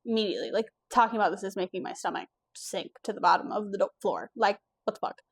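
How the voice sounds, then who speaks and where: A young woman from the US East Coast telling a personal story in a casual vlog, candid and animated, swearing now and then. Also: mid-range voice, fast talker, vocal fry. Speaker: vlogger.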